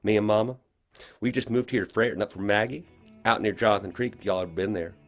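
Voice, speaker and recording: A man voicing a slow, confident country schoolgirl with a rural Southern accent, sly and teasing. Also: on the low side, faint music behind, voice pushed up, close to an everyday voice. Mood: taunting. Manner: drawling, teasing, quietly menacing.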